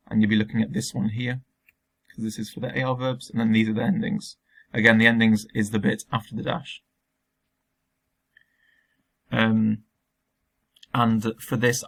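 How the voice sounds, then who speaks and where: Gravelly-voiced male teacher, flat delivery. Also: lowish voice. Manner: patient, explains step by step with many ums. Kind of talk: recorded remote lesson walkthrough.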